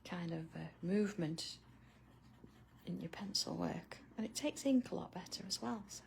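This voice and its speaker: Gravelly chatty woman. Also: on the low side, moderate pace, slight background noise. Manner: chatty, laughs often, answers viewers by name. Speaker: art tutorial host. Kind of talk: chatty live drawing tutorial.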